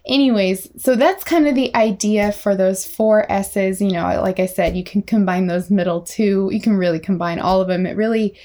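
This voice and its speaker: An energetic young woman talks through speech-therapy tips in a lively teaching voice. Now and then she slows down and exaggerates words the way she would with a small child. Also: mid-range voice. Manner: energetic, animated, demonstrates child-directed speech. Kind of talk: teaching talk.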